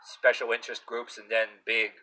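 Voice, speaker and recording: A man's voice: medium pitch, completely flat delivery, normal speed, bright, forceful tone, poor audio. A man in a casual opinion rant outdoors, rambling and swearing with many restarts and fillers. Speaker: vlogger. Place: outdoors near a street with passing cars.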